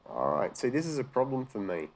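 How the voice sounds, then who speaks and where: A man's voice: medium pitch, big pitch swings, brisk. An Australian man sarcastically ranting about news articles, swearing freely and sounding exasperated. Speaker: commentary host. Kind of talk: profane rant reacting to news articles.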